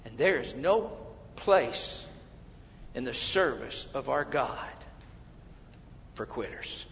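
A man preaching a fervent sermon as pastor of a church, swinging from shouted lines to hushed asides. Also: mid-range voice, animated, slow, vocal fry, slight background noise. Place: church sanctuary. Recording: dull, lo-fi, with long hall reverb.

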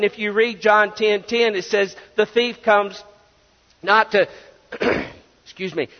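A man with a high voice preaches a sermon, pressing his points with rhetorical questions. His words ring out with a long reverb, as if filling a church sanctuary. The audio is dull and lo-fi. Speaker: pastor.

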